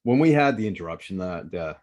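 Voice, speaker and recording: A man with a fairly low voice tells a story in loose, casual podcast chat. He swears constantly and gets worked up as he goes, jumping from thought to thought. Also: a little fast, lo-fi sound. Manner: profane, excitable, rambling. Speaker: podcast host. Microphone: remote call setup.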